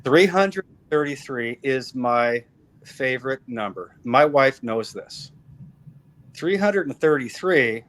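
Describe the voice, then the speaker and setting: A man's voice: medium pitch, animated, slow, a bit bright, low-quality recording. Middle-aged man, interview guest, earnest testimony, leans hard on repeated words. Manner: emphatic storytelling with repeated phrases. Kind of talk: personal faith testimony.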